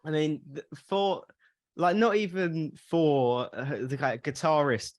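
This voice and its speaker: A man's voice: a little high, unhurried. A man hosting a podcast, chatting casually and eagerly about a band he admires. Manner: enthusiastic, fan-like interjections. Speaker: podcast host. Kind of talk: casual chat.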